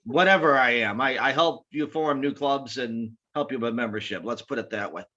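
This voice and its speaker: A man's voice: mid-range voice, moderate pace, pushed and bright. A man co-hosting an online show, chatting casually with a joking, self-deprecating, rambling manner. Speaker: co-host and club growth director. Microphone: video call. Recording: dull lo-fi video call audio.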